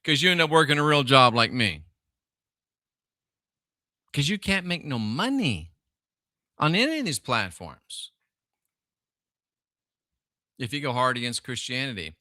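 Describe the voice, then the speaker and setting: A man hosting a solo livestream and reading chat aloud. He is preachy and sardonic, with sudden loud bursts. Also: medium pitch, very animated, a little slow, long pauses, no room sound, clean studio sound.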